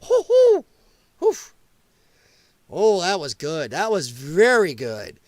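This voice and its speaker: A man's voice: on the high side, sing-song, takes it slowly, a little hiss or hum. A man hosting a live political commentary stream, reacting bluntly and profanely to clips and laughing often.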